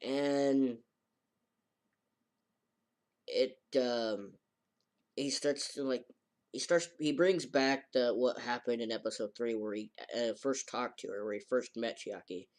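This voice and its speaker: Rambling male reviewer, casual recap, halting delivery. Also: medium pitch. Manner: rambling, halting, with many fillers and restarts. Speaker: anime reviewer.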